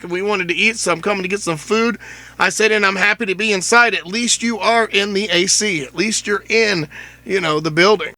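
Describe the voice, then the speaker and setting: A man tells a story on his own show in a loose, rambling way, full of jokes and retold talk. His voice sits high and bright, with a gravelly edge. The sound is close and dry. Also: no room sound. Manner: chatty, rambling, jokey retelling with many "I said". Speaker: podcast host. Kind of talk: casual storytelling monologue.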